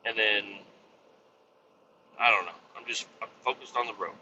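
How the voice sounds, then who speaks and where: A man's voice: fairly low pitch, moderate pace, sharp tone, lo-fi sound, a little hiss or hum. A man in his thirties hosting a podcast, telling stories in a rambling, profane, casual way full of restarts and fillers. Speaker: podcast host. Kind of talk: casual storytelling monologue.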